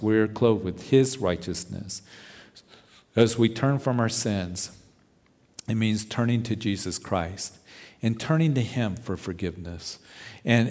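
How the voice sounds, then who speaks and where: A man's voice: lowish voice, a little mellow, in a large hall. A male pastor preaching verse by verse, earnest and repeating words when he presses a point. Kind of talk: verse-by-verse sermon.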